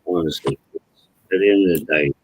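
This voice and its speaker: A man, earnest and agreeable, a little halting in casual podcast chat. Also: low-pitched, a little mellow, husky. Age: 40s. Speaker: podcast co-host.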